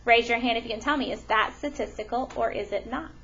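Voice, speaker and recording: A woman teaching a math lesson to a classroom, animated and often questioning her students. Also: fairly high pitch, fast talker, slightly rough, muffled recording.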